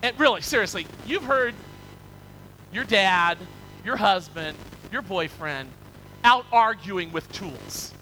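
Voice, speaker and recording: A man preaching a storytelling sermon, animated and conversational, with repeated words and asides to his listeners. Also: sits high, slow pace, long pauses, faint music behind, low-quality recording.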